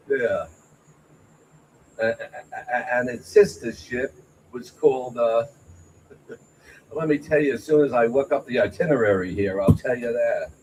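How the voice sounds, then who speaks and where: A man doing a stand-up comedy set at an open mic, with a halting, stammering delivery full of fillers and chuckles at his own jokes. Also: medium pitch, darkish tone, a little hiss or hum, rough recording. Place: small venue at an open mic night.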